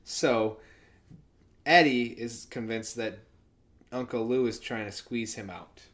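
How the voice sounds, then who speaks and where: A man's voice: mid-range voice, takes it slowly, a bit bright. A man co-hosting a podcast, giving wry, laughing commentary on a movie. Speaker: podcast co-host. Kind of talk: casual movie recap chat.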